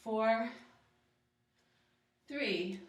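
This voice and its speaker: A woman leading a yoga class, encouraging her students with steady step-by-step cues and countdowns. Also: a little high, very slow. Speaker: yoga instructor. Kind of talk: guided workout instruction. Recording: very echoey room, voice from far off.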